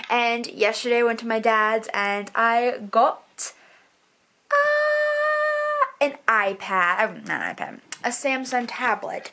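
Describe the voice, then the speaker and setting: A young woman of eighteen talks to her camera in a loose, rambling vlog style. She is self-deprecating and leans on fillers like "um" and "kind of." Her voice sits somewhat high. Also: bright, forceful tone. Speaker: vlogger. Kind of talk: casual vlog chat.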